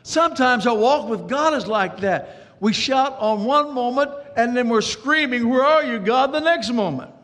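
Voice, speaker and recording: A man's voice: very high-pitched, expressive, measured pace, hardly any pauses, a bit bright, big-room sound. A man preaching a sermon, dramatic, with repeated words and sudden bursts of speed. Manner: dramatic preaching with repetitions and sudden pace changes. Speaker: pastor.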